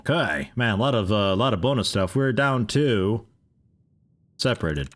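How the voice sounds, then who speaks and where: A man's voice: lowish voice, animated, normal speed, fairly bright tone. A young man giving rambling, laid-back let's play commentary, swearing and chuckling now and then. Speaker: streamer playing a video game.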